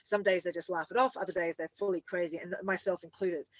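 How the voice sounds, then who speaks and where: A woman's voice: fairly low pitch, steady tone, fast, no room sound. Affirming woman fitness instructor. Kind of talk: casual video chat.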